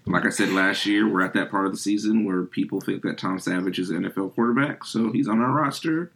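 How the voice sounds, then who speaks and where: A man co-hosting a sports podcast, talking casually with dry, deadpan humor. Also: sits low, fast, creaky. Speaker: podcast co-host.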